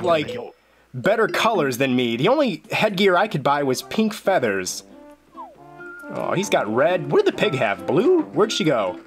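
A young man chats through his gameplay with a playful, joking manner. His pitch swoops up and down in animated exclamations. Soft game music plays beneath his voice. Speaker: gaming video journal host. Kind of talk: casual gameplay commentary.

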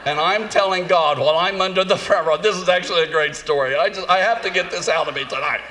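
A man telling a humorous, self-mocking story in a sermon, animated and jumping into high voices for comic asides. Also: quick pace. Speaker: conference speaker. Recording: long hall reverb, faint room noise.

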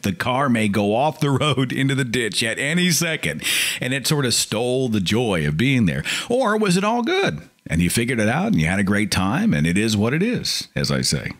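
Speaking in a mid-range voice at an ordinary pace, the man runs a call-in podcast. He rambles casually and emotionally, mimicking his religious relatives with lively mockery.

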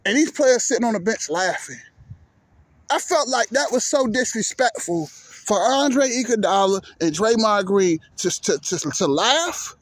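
Heated male vlogger, very high pitch, dry close mic, curses and stumbles. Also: expressive, a little slow, no echo. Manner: heated, cursing, repeats words. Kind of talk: profane sports rant.

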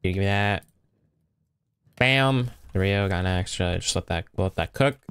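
A man's voice: sits low, unhurried, long pauses, noisy background. A young man giving casual, rambling commentary while playing a block-building game, talking to himself as he goes. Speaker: gaming YouTuber. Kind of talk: casual Minecraft let's play commentary.

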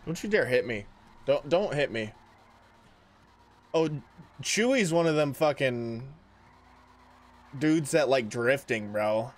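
Slow and expressive, this medium-pitched male gamer leaves long pauses while livestreaming a car game. He talks straight to his chat in a loose, profane, joking way.

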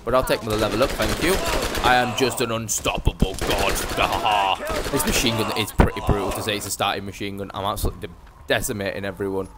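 A man's voice: on the low side, steady tone, racing, heavy background noise. A young man giving brash, sweary live commentary as he streams a game.

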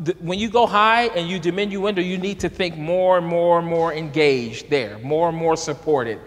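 Animated tenor coaching in a hall. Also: male voice, fairly high pitch, normal speed. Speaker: tenor coaching a young singer. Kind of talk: masterclass coaching. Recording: reverberant hall.

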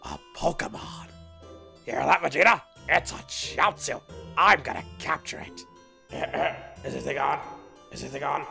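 A man voicing an excitable, naive young male hero who yells eagerly. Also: on the high side, unhurried, creaky, soft background music, heavily acted. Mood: excited. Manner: eager, yelling. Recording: roomy echoing recording.

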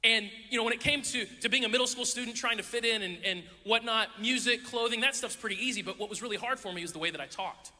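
A man's voice: very high-pitched, quick pace, few pauses, sharp tone. A man preaching a sermon to a church audience, a playful storyteller who acts out the voices in his stories. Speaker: youth pastor. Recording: echoey hall.

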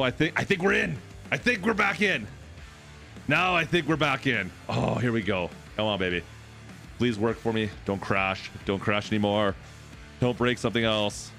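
A man streaming live farm gameplay, chatting excitably with his viewers and talking to the game. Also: mid-range voice, moderate pace, creaky, soft background music. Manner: excitable, chatty, talks to chat.

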